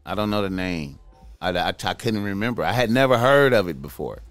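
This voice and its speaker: Rambling profane man, low lively voice. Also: a little fast, dry recording, soft background music. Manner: loose, rambling, profane slang. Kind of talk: casual chat.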